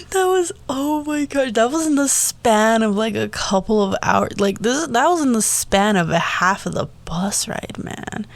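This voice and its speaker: A young man hosts a casual solo podcast and tells a long, rambling story. He talks in an animated, easygoing way. He breaks off with little laughs and quick hushed asides. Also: sits high. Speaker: podcast host.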